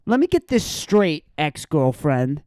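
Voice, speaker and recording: A young man hosts a solo podcast in a mocking, foul-mouthed rant, jumping to sudden shouts. His voice swoops up and down a lot while he takes his time. The sound is close and dry, with no room around it. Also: fairly high pitch, sing-song, slow, smooth, no room sound. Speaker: podcast host.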